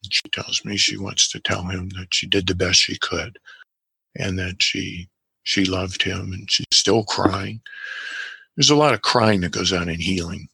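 Calm male guest, deep and gravelly, measured case-history storyteller. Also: dry recording. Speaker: guest practitioner of guided imagery. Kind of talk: telling a patient case history.

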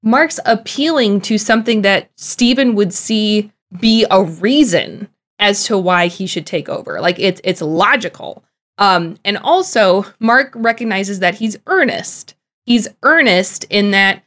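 A young woman co-hosting a casual podcast about a TV show, chatty and full of "like" fillers, with animated bursts. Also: mid-range voice, measured pace. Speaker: podcast co-host.

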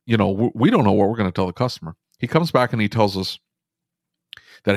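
Male, low register, dry close-mic sound; animated podcast storyteller who restarts often. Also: quick pace, no echo. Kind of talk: casual podcast conversation.

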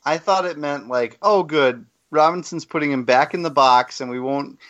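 A man's voice: on the high side, moderate pace, a bit bright, muffled recording. A man co-hosting a casual podcast, reading comic dialogue aloud and mocking it with laughter. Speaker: podcast co-host. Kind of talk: casual chat.

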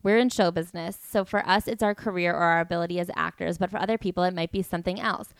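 A woman's voice: lowish voice, fairly even intonation, quick pace, smooth, no echo. A woman co-hosting a podcast in casual chat, wry and dry, often reading book passages aloud. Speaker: podcast co-host.

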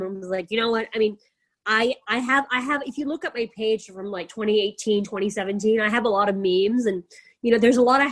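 Giggly husky-voiced woman. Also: medium pitch. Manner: giggly, animated storyteller. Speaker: podcast guest, influencer. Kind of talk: casual chat.

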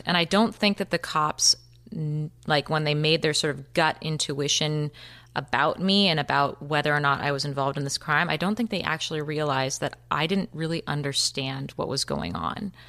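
Low-voiced woman telling her story. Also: sharp tone. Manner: quick, vivid retelling with acted-out quotes. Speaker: interview guest. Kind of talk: recounting a personal story.

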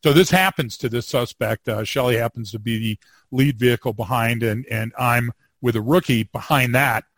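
A man co-hosting a podcast, a former police field training officer telling a story with wry humor and lively delivery. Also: mid-range voice, moderate pace, no echo. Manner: animated storyteller, wry humor, repeats words when starting. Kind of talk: casual storytelling chat.

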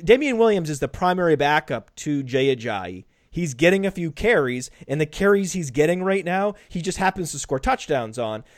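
A man hosting a podcast in casual analytical chat, brisk and stats-heavy with jokes thrown in. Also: on the high side, sing-song, dry recording, clean studio sound. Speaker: podcast host.

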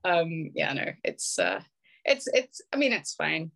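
A woman's voice: low voice, wildly swooping pitch, measured pace, vocal fry, fairly bright tone. A young British woman, a podcast guest, chatting casually and telling stories with frequent laughs. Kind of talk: casual interview chat.

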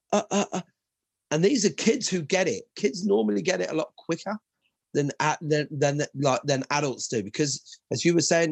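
Husky animated Irish martial arts teacher. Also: male voice, medium pitch, dry recording. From Ireland. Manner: animated storyteller, acts out dialogue. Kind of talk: casual podcast chat.

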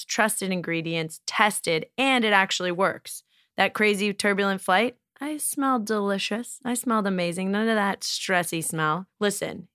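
A woman's voice: medium pitch, fairly bright tone, clear, resonant tone, dry recording, studio quality. A woman hosting a podcast, joking and laughing through casual chat and reading ads in her own voice. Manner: playful, jokey, laughs often. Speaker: podcast host. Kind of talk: casual chat and host-read ad.

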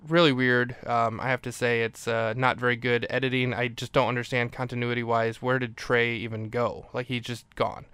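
A man's voice: medium pitch, little pitch movement, moderate pace, hardly any pauses, a bit bright, clear, resonant tone, no echo. A man hosting a podcast, recapping a movie in a casual, rambling way, often correcting himself. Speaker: podcast host.

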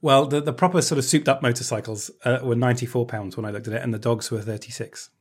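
A man's voice: medium pitch, steady tone, fast talker, husky. A man co-hosting a podcast, chatting casually and explaining things with nerdy enthusiasm and some laughter. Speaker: podcast co-host. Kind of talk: casual chat.

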